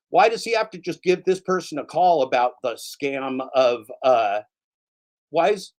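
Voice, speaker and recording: A man's voice: a little high, measured pace. A man ranting angrily and profanely in commentary, repeating himself and mocking the people he calls out.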